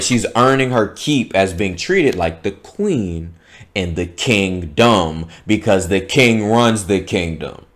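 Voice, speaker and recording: Male channel host, low-pitched, emphatic repetitive lecturer, opinion monologue. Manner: stumbles and restarts words.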